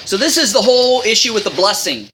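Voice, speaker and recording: A woman teaches a Bible lesson in a casual, talky manner. Her pitch swings up and down freely. Her tone is bright and forceful. She reads out scripture and acts out the lines. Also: sing-song, quick pace, slight background noise.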